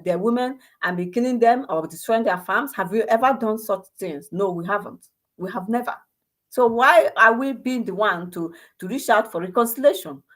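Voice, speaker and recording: A woman with a Nigerian accent giving an impassioned monologue, firing off rhetorical questions and restarting her sentences. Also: medium pitch. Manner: rhetorical questions, many restarts, switches into Igbo. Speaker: commentator on a personal channel.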